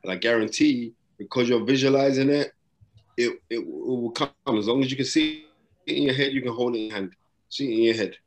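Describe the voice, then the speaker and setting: Man, middle-aged, boxing broadcaster, emphatic, repeats himself, preacherly, slangy, mid-pitched voice, talking from a hotel room. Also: brisk. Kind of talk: motivational advice in a casual interview. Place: hotel room during lockdown.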